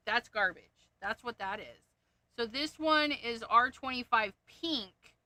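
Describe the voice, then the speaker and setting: A woman hosting a crafting livestream, with a bright, tense voice pitched a little high. She talks slowly and mutters to herself as she reads off marker codes one by one. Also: no room sound. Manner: amused at her own jokes. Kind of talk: casual livestream chat while sorting markers.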